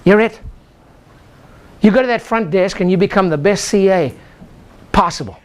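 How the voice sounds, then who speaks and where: A man's voice: high voice, normal speed. An older man, a chiropractor, giving an exclamatory motivational seminar talk and leading the audience in call-and-response chants. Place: lecture room with a live audience.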